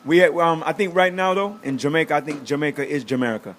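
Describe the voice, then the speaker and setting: A man, a reggae artist, chatting as a studio guest and acting out quotes in animated stories. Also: fairly high pitch, quick pace, a little hiss or hum. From United States. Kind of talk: casual chat, storytelling.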